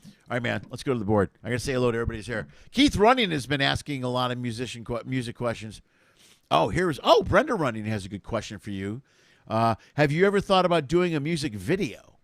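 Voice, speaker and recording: A man's voice: medium pitch, fast talker, no echo, clean studio sound. A man hosting a casual comedy chat, telling stories with lots of quoted voices. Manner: storytelling, animated quoted voices, laughing. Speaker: comedy show host.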